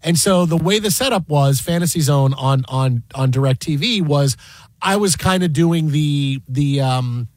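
A man hosting a casual on-air chat, telling a lively anecdote. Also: on the high side, a little slow, no room sound. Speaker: host.

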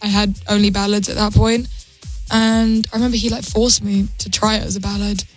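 A woman's voice: medium pitch, level tone, fairly quick, soft background music. A woman singer-songwriter talking casually in a radio interview, chatty and full of fillers and restarts.

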